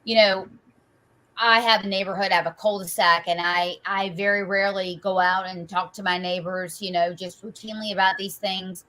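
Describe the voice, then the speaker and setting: A woman's voice: medium pitch, level tone, moderate pace, sharp tone, rough recording. A woman hosting a political talk show, speaking casually with frequent fillers and rhetorical asides.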